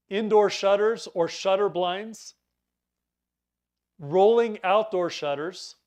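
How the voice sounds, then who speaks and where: A man from Utah gives an informal preparedness lesson, chatty and often stumbling over words and restarting sentences. His voice sits high and is a little mellow.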